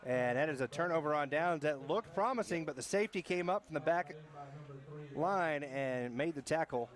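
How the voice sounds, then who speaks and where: A man doing brisk play-by-play commentary on a high school football game. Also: lively intonation. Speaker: play-by-play announcer. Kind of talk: sports commentary.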